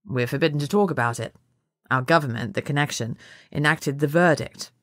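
A woman's voice: a little fast, no echo, studio quality, natural voice. A woman narrator voicing a blunt, matter-of-fact male werewolf who explains things abruptly. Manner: abrupt, low, explaining flatly.

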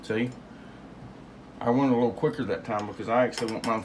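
A man's voice: medium pitch, steady tone, brisk, pauses often. Rambling man mixing cocktails. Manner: rambling, joking, drawling asides. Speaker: home cocktail show host. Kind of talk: casual cocktail demonstration. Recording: noisy home recording.

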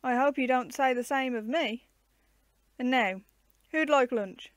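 A woman reading the part of a patient, gently teasing uncle who explains zoo animals to children in a storybook. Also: extremely high pitch, measured pace, dry recording.

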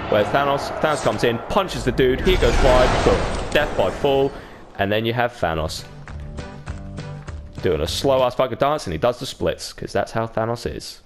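Over music, a man with a medium-pitched, animated voice talks at normal speed about the game he's playing. This gaming YouTuber stays laid-back, swears a lot, and mimics others, with noticeable background noise in the recording.

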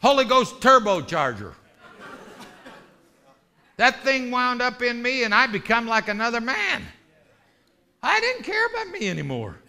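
A man preaching a lively testimony sermon, telling a story with shouts and laughter. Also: very high voice, normal speed, vocal fry. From rural ranch background.

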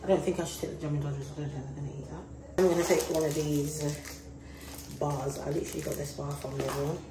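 Low-voiced woman vlogging. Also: flat delivery, fairly quick, very noisy. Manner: chatty, loose and jokey, talking straight to camera. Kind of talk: casual vlog chat. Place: a home indoors.

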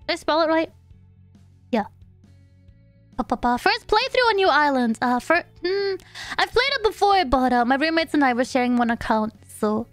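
A woman's voice: sits high, big pitch swings, normal speed, no echo, soft background music. A young woman streaming a life-sim game, chatting playfully with her chat, giggling and babbling along to the game's sounds. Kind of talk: casual live-stream gameplay chat.

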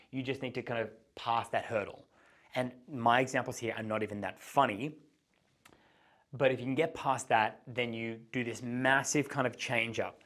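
A man teaching conversation skills as a dating coach, giving a whiteboard lesson and acting out sample lines. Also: mid-range voice. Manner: animated, acts out both sides of conversations.

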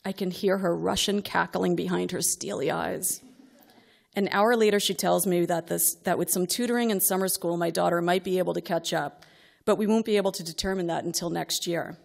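A woman's voice: on the low side, steady tone, fairly quick, vocal fry. A middle-aged woman reading a comic personal story aloud to a live audience, wry and exasperated, building to outbursts.

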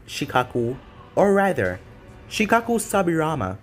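A man's voice: on the high side, huge pitch swings, normal speed. A man voicing a cocky young male ninja hero in a fan-made audio story, talking in a smug, taunting way over faint music.

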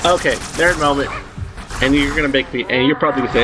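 A man in his twenties rambling through a story while commenting on his gameplay, excitable and swearing freely. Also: medium pitch, quick pace, music in the background, rough recording. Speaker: let's play host.

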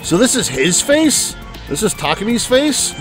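Wry, animated let's-play host. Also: male voice, high voice, measured pace, music in the background. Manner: wry, incredulous asides. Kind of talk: casual game commentary.

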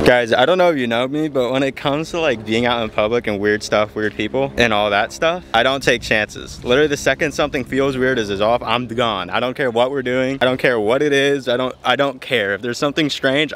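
A man narrating his fishing trip to viewers in a casual, chatty way, jumpy and quick to react. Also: medium pitch, slight background noise. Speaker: fishing vlogger. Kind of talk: casual outdoor vlog narration. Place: outdoors by an overgrown canal.

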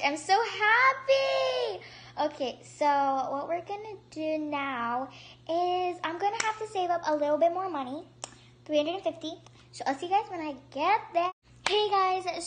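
A woman hosting a casual gameplay commentary, excitable and chatty, gasping and squealing at surprises and rambling with restarts. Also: sits high, slight background noise. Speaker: gaming channel host.

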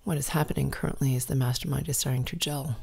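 A woman guiding a meditation in a soft, slow, often whispered voice. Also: very deep voice, fairly even intonation, creaky, slightly rough. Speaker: meditation guide. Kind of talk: guided meditation.

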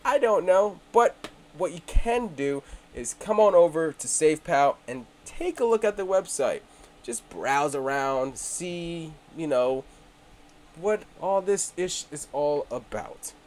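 A man hosting a crypto video, casual and brash, joking and teasing his viewers, dropping to mumbles and then bursting out loudly. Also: fairly high pitch, animated, takes it slowly. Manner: joking, brash and swaggering, swings between mumbling and shouting. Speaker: crypto channel host. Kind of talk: casual hyped promo talk.

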